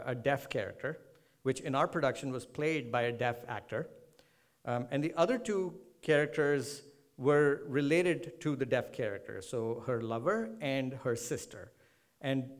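A man hosting a live storytelling event on a theater stage, telling an anecdote in a loose, rambling way with many fillers and restarts. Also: mid-range voice. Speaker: event host. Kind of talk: casual storytelling to a live audience.

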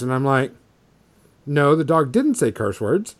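A man's voice: on the high side, animated, moderate pace. Rambling man telling a story. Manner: rambling, filler-heavy storytelling. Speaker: podcast co-host. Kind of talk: casual chat.

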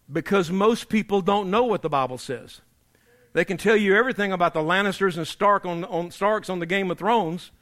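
Emphatic preaching man, mid-high voice. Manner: emphatic preaching, repeats key phrases, drops to quiet for emphasis. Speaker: pastor. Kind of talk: sermon.

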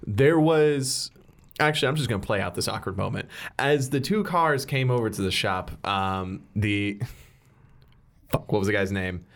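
A man's voice: on the low side, normal speed, a bit bright. A man running a tabletop game as game master, narrating in a rambling, laughing way that keeps interrupting itself.

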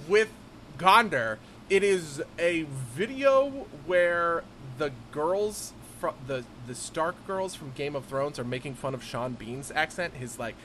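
A young man co-hosting a casual podcast about role-playing games, animated and quick to laugh. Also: fairly high pitch, slight background noise, poor audio. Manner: animated, laughs often, lots of fillers. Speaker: podcast co-host.

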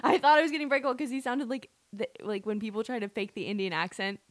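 A young woman radio DJ telling a story in casual chat, animated and giggly. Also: a little high, fast, no room sound. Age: young adult.

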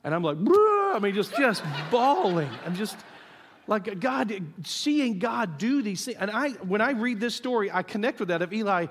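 A middle-aged man preaching a sermon, telling stories in an animated way and acting out the people he quotes. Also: sits high, moderate pace. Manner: storytelling, animated, acts out quotes. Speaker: pastor. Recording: long reverb of a church hall.

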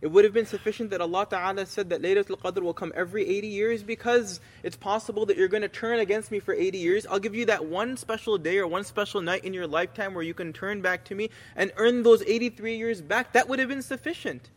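A man's voice: high voice, fast talker, hardly any pauses, big-room sound. A man preaching a sermon with passion, reciting Arabic scripture and building to emphatic rhetorical questions.

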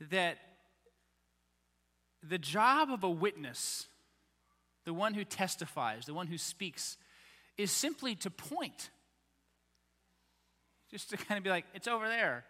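Male pastor, high bright voice, chatty sermon style with playful impressions; hall reverb. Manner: conversational preaching, animated mock quotes.

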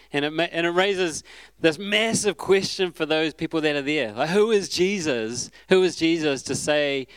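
A man preaching a sermon in a relaxed, conversational, storytelling way. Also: medium pitch, smooth, no room sound.

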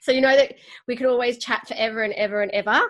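Woman, Australian accent, podcast host, chatty, laughs often, slightly high voice. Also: steady tone, racing, fairly bright tone. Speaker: podcast host and awards organizer. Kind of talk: casual conversational interview.

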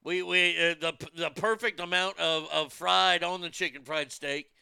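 Gravelly, bright, profane man rambling. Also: on the high side, steady tone, normal speed, no room sound. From United States. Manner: profane, blunt, rambling with many restarts. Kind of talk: casual rambling chat.

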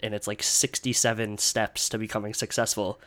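A man's voice: fairly low pitch, flat delivery, moderate pace, fairly bright tone. A young man talks alone into his podcast mic in a loose, rambling rant. He sounds exasperated and swears freely, and he leans hard on filler words as he goes. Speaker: podcast host. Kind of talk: casual solo rant.

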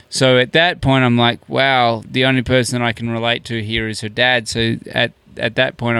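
A man spins a casual story as a podcast guest, his voice gravelly yet smooth and resonant. He acts out each quoted exchange with a lot of "I'm like." The sound is dry and close. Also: medium pitch, dry recording. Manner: animated, acts out quoted dialogue with many "I'm like".

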